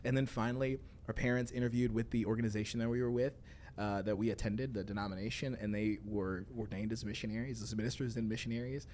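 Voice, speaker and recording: Animated young man telling stories. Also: on the low side, fast talker, slight background noise. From Tanzania. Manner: animated storyteller, acts out quoted voices, laughs often. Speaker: guest comedian. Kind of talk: casual storytelling interview.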